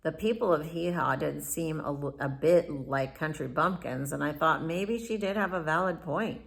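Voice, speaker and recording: Low, gravelly woman reading her memoir. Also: normal speed. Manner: reflective, candid storytelling. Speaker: memoir author. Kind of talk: first-person memoir narration.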